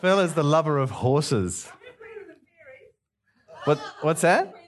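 Male pastor, middle-aged, jokey sermon delivery, lively and somewhat high. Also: takes it slowly, background noise. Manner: playful, bantering with the congregation.

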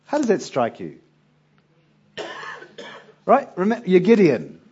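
A man's voice: sits high, huge pitch swings, a little slow, a little mellow, slightly rough, dull audio. A male preacher giving a conversational Bible teaching, often putting rhetorical questions to his listeners.

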